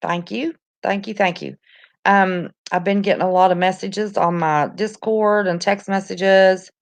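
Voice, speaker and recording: A woman's voice: mid-range voice, steady tone, unhurried, vocal fry. Drawling woman chatting on a livestream. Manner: chatty, drawling, calls viewers honey. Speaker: livestream host. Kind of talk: casual livestream chat greeting viewers. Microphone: no headphones, device mic.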